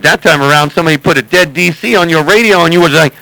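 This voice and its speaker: A man's voice: on the high side, fast talker, gravelly, pushed and bright, no room sound, rough recording. A man chatting and joking with other operators over CB radio, calling their handles again and again in a teasing way. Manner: teasing, repeats calls like "hey, Sandman". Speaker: CB radio operator streaming live.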